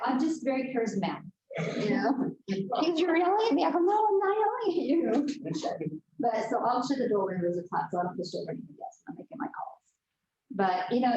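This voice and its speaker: A woman who works as a real estate agent, talking to fellow agents in a loud, excitable way and acting out her stories. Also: fairly high pitch. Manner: loud, excitable, animated storytelling. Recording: roomy, muffled room recording with faint noise.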